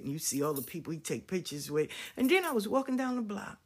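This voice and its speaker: Husky-voiced woman telling a fiery personal story. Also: a little high, very animated, fast, hardly any pauses. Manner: blunt, profane, fiery.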